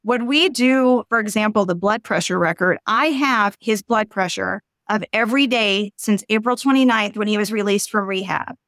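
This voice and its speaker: A middle-aged woman talking frankly and earnestly as a guest on a podcast interview, going on at length and rising high when exasperated. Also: normal speed, few pauses, fairly bright tone, no room sound.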